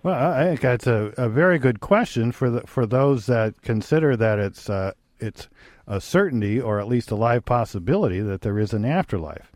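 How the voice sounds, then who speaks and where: A man's voice: medium pitch, lively intonation, normal speed, a little mellow, no room sound. A man co-hosting a call-in radio show, talking thoughtfully with many restarts and trailing-off phrases.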